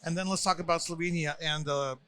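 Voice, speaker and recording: A man's voice: fairly high pitch, fairly even intonation, a bit bright, clean tone, dry recording. A man hosting a podcast, talking in a chatty, playful way and interviewing guests at a conference. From United States. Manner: chatty, playful, quick bursts of talk. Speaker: podcast host. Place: busy conference venue.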